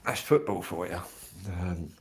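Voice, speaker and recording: A man's voice: sits low, lively intonation, a little slow, vocal fry, slight background noise. Chatty middle-aged man from Kent. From Kent, England. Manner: chatty and rambling, many fillers. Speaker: livestream host. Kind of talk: casual livestream chat with viewers.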